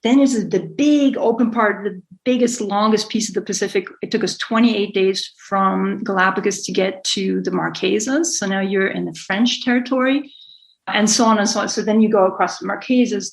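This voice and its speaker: Gravelly-voiced woman sailor talking. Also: mid-range voice, poor audio. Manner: rambling, self-correcting, laughs often. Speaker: guest, sailor and author. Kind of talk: conversational interview.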